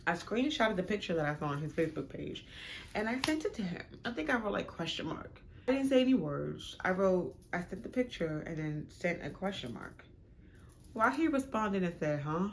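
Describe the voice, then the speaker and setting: Speaking at a moderate pace with vocal fry, a young woman vlogs a lively, dramatic storytime about her relationship. Her pitch spikes sharply when she plays out the arguments.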